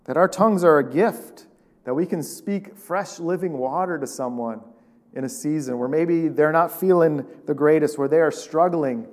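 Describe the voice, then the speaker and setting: A man preaching a sermon as a pastor, talking in a casual, animated way and asking the congregation questions. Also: on the high side, normal speed.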